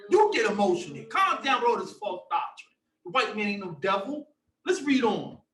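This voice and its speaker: A high, bright male voice leads a Bible study with forceful, animated preaching. He is heard from some distance in an echoey room. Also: normal speed. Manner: animated, emphatic, sometimes shouting. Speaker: Bible teacher.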